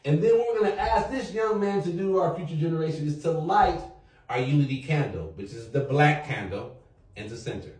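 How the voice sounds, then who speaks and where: A man's voice: on the high side, a little fast. A man hosting a podcast round-table, talking loosely and jokingly, swearing now and then and leading the group in call-and-response. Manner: animated, jokey, swears freely, leads chants. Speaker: podcast host. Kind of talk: casual round-table talk. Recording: roomy echo, distant mic.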